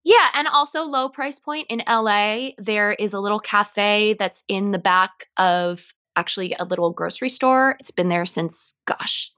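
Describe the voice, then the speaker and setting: A woman from Los Angeles, a fitness instructor, chatting on a podcast in an upbeat, animated way. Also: medium pitch, unhurried, few pauses, dull audio. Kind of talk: casual podcast chat.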